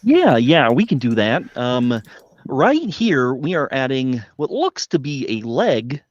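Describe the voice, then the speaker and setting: A man co-hosting a casual livestream, with an average pitch and a joking, chatty manner. His mic sounds dry and a bit dull, with no room around it. He riffs and makes side jokes while the host works. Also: very animated, dry recording. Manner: jokey, chatty, quick to riff.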